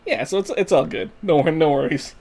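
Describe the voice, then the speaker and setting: A man's voice: on the high side, fairly quick, darkish tone. A man voicing a cheerful female genius guide in a put-on stereotyped Italian accent, reading game lines. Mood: guiding. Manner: stereotyped Italian lilt, playful. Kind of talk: fan voicing of a game's story text.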